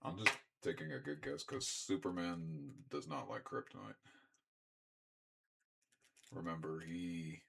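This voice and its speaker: A young man chatting casually as he unboxes and reviews action figures, rambling and often clearing his throat. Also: low voice, big pitch swings, measured pace, long pauses, heavy background noise. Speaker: toy reviewer.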